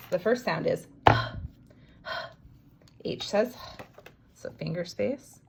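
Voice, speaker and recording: Slow, gravelly teacher sounding out words. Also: female voice, on the low side. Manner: slow, stretched-out sounding out of letters and syllables. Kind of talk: modeling sentence writing for young students.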